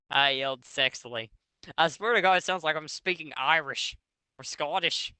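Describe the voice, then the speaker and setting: A man's voice: a little high, normal speed, sharp tone, clear, resonant tone, no room sound. A man doing a mocking comedic reading of a bad fanfic aloud to friends, swearing often. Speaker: reader of a fanfic.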